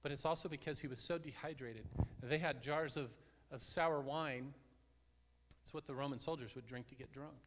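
A man delivers a sermon as a guest preacher, his voice sitting at an ordinary middle pitch. He speaks earnestly and sinks into hushed tones at solemn points. The sound carries a long reverb from the church sanctuary. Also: fairly even intonation, normal speed, slight background noise.

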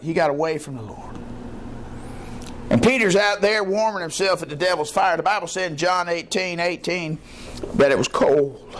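A pastor preaching an evening church sermon in a folksy way, often calling out "Amen" and asking the congregation questions. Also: male voice, fairly high pitch, a bit bright, a little hiss or hum. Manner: folksy preaching with frequent "Amen" call-outs. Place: church service with a responding congregation.

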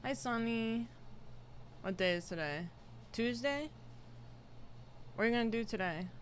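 A woman's voice: fairly high pitch, lively intonation, measured pace, slight background noise. A young woman livestreaming from home, chatting casually and greeting viewers one by one in a rambling way. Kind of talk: casual chat with live chat. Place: home room, air conditioner running.

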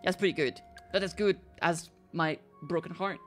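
A woman streaming live as she pulls in a gacha game, reacting dramatically, swinging from squealing shouts to dejected mumbles while chatting to her viewers. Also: on the low side, fairly even intonation, moderate pace, faint music behind. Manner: chats to viewers. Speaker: full-time streamer.

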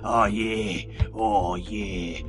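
A man putting on a rough, attempted Cockney British accent to play a creepy, crude British man in a filthy kitchen, speaking low and menacing. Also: fairly even intonation, drawn-out words, a bit bright, faint music behind.

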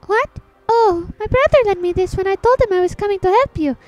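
A woman voicing a polite, gentle young girl helping a friend, soft and courteous in her speech. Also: extremely high pitch, fairly quick, no echo, dull audio, voice pushed up.

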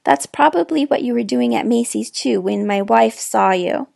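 A woman's voice: on the high side, normal speed, creaky, darkish tone, dry recording, clean studio sound. A woman reading aloud, voicing a stern, bullying middle-aged motel owner who accuses and barks commands at a girl. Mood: accusing.

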